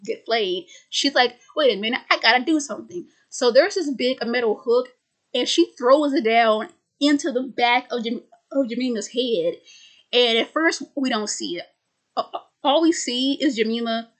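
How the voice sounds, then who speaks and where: Young woman, stutters, casual film recap, somewhat high voice. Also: measured pace. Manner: stutters, restarts words. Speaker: video creator.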